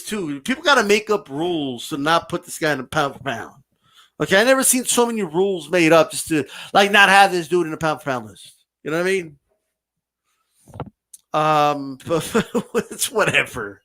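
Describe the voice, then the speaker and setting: A man's voice: high-pitched, bright, forceful tone. A man giving a brash, mocking, profane rant as a boxing commentator. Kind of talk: ranting commentary vlog.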